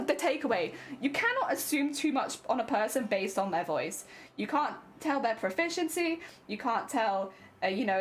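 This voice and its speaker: A young woman with a fairly high voice chats casually on a crafting stream. Her pitch moves all over the place. She laughs often and repeats herself mid-sentence, with soft music playing behind her. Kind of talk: casual chat while crafting.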